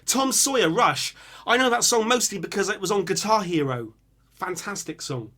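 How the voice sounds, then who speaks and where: A man's voice: high voice, expressive, normal speed, pushed and bright. A young man hosting a casual music reaction, humming and singing riffs as he muses aloud over viewer picks.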